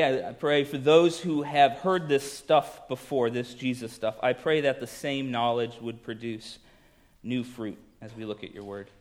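A man preaching a sermon in a conversational way, telling the story with lively acted-out quotes. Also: medium pitch.

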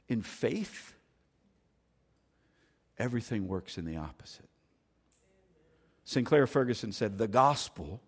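A male pastor delivering a sermon, shifting from loud, emphatic lines to hushed, quiet asides. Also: slightly rough. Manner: dynamic preaching, swinging between loud emphasis and hushed, low asides.

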